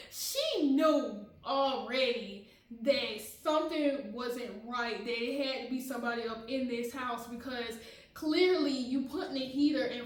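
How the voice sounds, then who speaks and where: A woman's voice: on the high side, roomy sound, distant mic, low-quality recording. A woman vlogger telling a personal story in a casual, dramatic way, often laughing and talking straight to her viewers.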